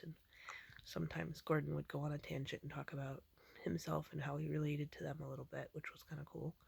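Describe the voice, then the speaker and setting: Gravelly, rambling woman recounting a dream. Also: a little mellow, no echo. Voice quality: gravelly vocal fry. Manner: rambling, many ums and restarts, low-key. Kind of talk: casual spoken dream recounting.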